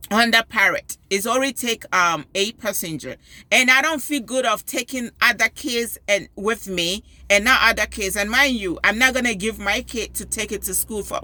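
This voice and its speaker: A woman and school parent telling a story with animated emphasis, giving advice in a personal video. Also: on the high side, no echo. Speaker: parent and PTO volunteer.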